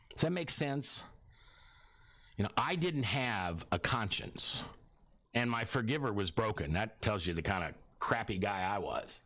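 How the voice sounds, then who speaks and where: Here a man speaks at a fairly low pitch with a fairly bright tone, and there's no room sound. He's a radio host talking about his book, telling a rambling personal story in casual chat, restarting often and acting out what others told him.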